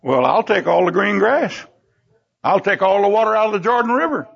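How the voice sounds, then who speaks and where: Lot the eager land-grabber, as an older preacher acts him out, speaks quickly in a high, gravelly voice that keeps its rough edge. The recording sounds dull and muffled. He makes a greedy, grasping choice with relish. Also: animated, full character voice.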